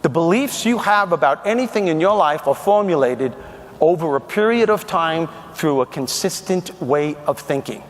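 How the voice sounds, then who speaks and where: A man's voice: on the high side, expressive, moderate pace. A man on stage delivering a comedic motivational keynote to an audience in a large hall, punchy and emphatic. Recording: reverberant hall.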